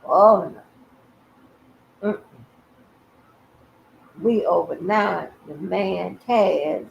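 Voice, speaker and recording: A woman's voice: lowish voice, extremely slow, vocal fry, slight background noise. A woman hosting a casual commentary stream, chatty and profane, talking straight to her viewers. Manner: chatty, addresses viewers directly, swears freely. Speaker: commentary channel host. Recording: echoey, slightly muffled room audio.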